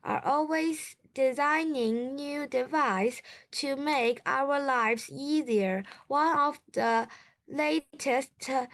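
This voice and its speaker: A woman learning English, reading a passage aloud in a halting way and restarting difficult words. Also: high-pitched.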